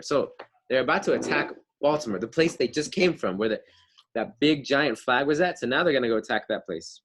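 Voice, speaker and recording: A man's voice: mid-range voice, lively intonation, a little fast, a bit bright, a little hiss or hum. A man teaching a fifth grade class, reading a book aloud and stopping to explain words and ask the kids questions.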